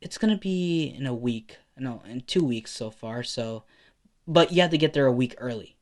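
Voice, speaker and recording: Man doing a high-voiced fussing mother. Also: lively intonation, moderate pace, lightly acted. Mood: motherly. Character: kindly mother, middle-aged woman. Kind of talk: amateur fan story narration.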